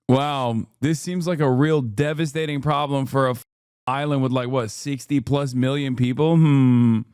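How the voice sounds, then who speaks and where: A man's voice: mid-range voice, steady tone, measured pace, a little mellow, clean tone, dry recording, clean studio sound. A man hosting a livestream, reacting to a video with mocking, profane rants. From United States. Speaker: livestream host.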